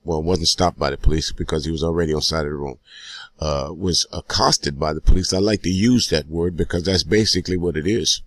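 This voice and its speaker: A man's voice: rumbling low, brisk, dry recording. A man hosting, introducing a documentary clip and speaking directly and emphatically to viewers. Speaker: host presenting a documentary clip. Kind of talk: casual commentary to viewers.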